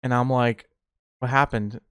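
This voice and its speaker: A man's voice: mid-range voice, steady tone, unhurried, a bit bright, clean tone, no room sound, clean studio sound. A young man hosting a casual solo podcast, telling rambling stories with laughter and restarts. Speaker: podcast host.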